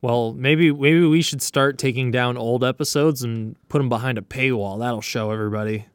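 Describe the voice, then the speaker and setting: Male podcast co-host, mid-pitch, crude jokey banter, dry close sound. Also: normal speed, clear, resonant tone, no echo. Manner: crude, joking, profane banter. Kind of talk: casual chat.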